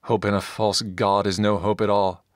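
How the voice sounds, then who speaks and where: A fanatical paladin holds forth with booming self-righteous zeal, as a male narrator puts him on. The voice sits low and carries clean and close with no room around it. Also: little pitch movement, normal speed, no room sound, natural voice. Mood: zealous. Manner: proclaiming, zealous, commanding.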